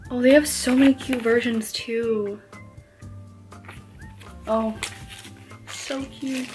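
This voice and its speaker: A young woman, a college student, chatting casually as she unboxes blind boxes and gushes excitedly over how cute everything is. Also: a little high, slow. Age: young adult. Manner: gushing, excitable, squeals over cute things. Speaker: unboxing vlogger. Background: background music.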